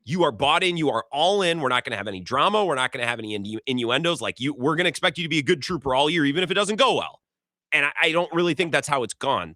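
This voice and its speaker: A man hosting a call-in sports radio show, talking in an animated, rambling way as his voice swings widely in pitch. His tone is bright and forceful, and the sound is close and dry in the studio. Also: no room sound. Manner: animated, rambling, quick restarts. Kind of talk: casual sports talk radio.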